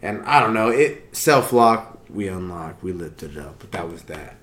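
A young man in casual chat, telling stories in a profane, animated way and laughing often. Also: low-pitched, moderate pace. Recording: roomy echo.

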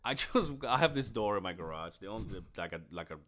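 A young man in casual podcast chat, telling a crude story with lots of swearing, laughing as he talks and shouting out the lines he quotes. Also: low voice, lively intonation, fast talker. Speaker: podcast co-host.

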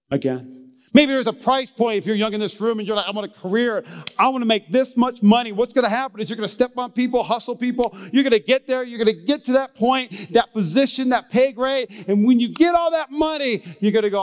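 A man's voice: high voice, big-room sound. A male pastor preaching a sermon in a church, emphatic and pleading, peppering his talk with "man". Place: church sanctuary.

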